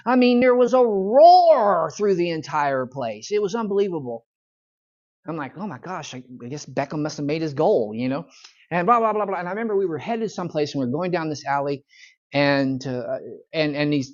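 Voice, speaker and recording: A man, a pastor teaching a church Bible study in a folksy, conversational storytelling manner. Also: on the high side. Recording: dull lo-fi church recording.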